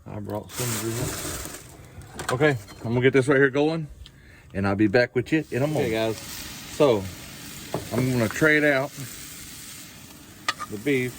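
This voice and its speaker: A middle-aged man with a Southern US accent chatting folksily to a nearby camera as he cooks at a winter campsite, with outdoor noise and a sizzling pan. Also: mid-range voice. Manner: folksy, chatty, talks while cooking. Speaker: outdoor vlogger. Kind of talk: casual cooking chat to camera. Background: outdoor ambience and frying food.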